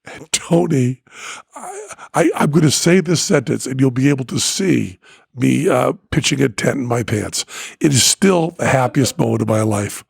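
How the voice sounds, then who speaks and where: A man hosting a podcast, telling a story in casual chat, excitable and breaking into loud laughter and shouts. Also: mid-range voice, moderate pace, vocal fry, breathy edge, no echo, studio quality. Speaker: podcast host.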